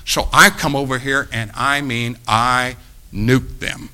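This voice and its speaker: A man preaching, telling a long story about himself in an animated, self-mocking way, acting out the quotes. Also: medium pitch, slow pace, smooth. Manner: animated anecdote with acted quotes, laughing at himself. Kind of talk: storytelling sermon.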